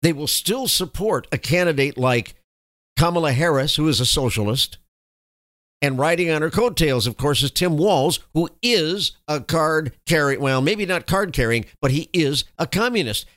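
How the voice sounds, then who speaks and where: A man's voice: on the high side, expressive, moderate pace, fairly bright tone, dry recording, studio quality. A man hosting a radio talk show, delivering a combative, insulting political monologue.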